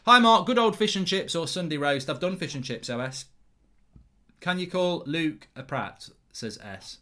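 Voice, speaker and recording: A man's voice: fairly high pitch, lively intonation, moderate pace, sharp tone. A man hosting a live football watchalong, chatty and teasing, reading out viewer comments with lots of stammered restarts.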